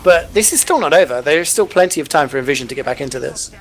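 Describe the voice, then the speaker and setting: A male esports caster giving relaxed, analytical color commentary with casual asides and jokes. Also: a little high, fast, soft background music. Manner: chatty, jokey, lots of "you know".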